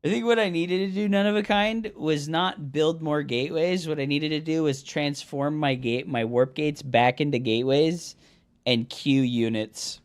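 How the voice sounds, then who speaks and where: A man's voice: a little high, normal speed, smooth. A man streaming a strategy game, talking casually to his chat, swearing and venting frustration while explaining his build. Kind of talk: casual livestream talk over gameplay.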